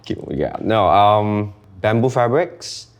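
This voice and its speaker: A young man from Singapore, a guest in a casual interview, relaxed and hesitant with many fillers. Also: lowish voice, slow pace. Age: young adult.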